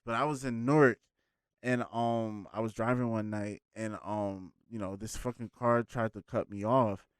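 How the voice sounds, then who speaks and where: A man in a casual podcast chat, telling stories in an animated, profane way. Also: on the low side, normal speed, clean tone, no echo, studio quality.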